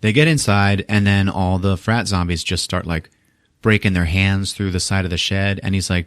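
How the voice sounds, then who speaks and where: A man hosting a podcast, recapping a movie casually with animated retellings, acting out the characters' lines, laughing and swearing often. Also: on the low side, normal speed, no room sound, studio quality. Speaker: podcast host.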